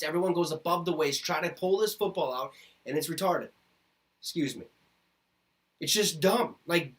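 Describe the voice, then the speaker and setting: A man's voice: high-pitched, a bit bright. A man in his twenties from Minnesota, ranting heatedly about his football team on a podcast. He swears constantly and repeats his points for emphasis. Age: 20s. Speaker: podcast host. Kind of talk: ranting sports commentary.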